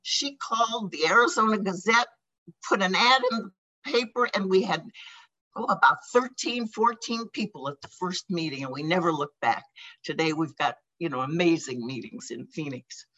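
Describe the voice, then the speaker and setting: An older American woman sharing her personal recovery story at a meeting, emotional and halting, with laughs and sighs between thoughts. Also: on the low side, pushed and bright, lo-fi sound. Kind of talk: personal testimony.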